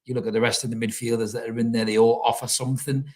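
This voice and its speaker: A man's voice: medium pitch, level tone, very fast, darkish tone. Chatty man swearing freely. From North East England. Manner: chatty, swears freely, calls listeners mate. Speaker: fan channel host reading live chat. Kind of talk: casual live stream chat.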